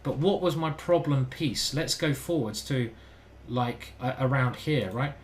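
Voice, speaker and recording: A man's voice: medium pitch, measured pace, a little hiss or hum. A man giving casual live-stream chess commentary, thinking aloud and chatting with his viewers. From United Kingdom.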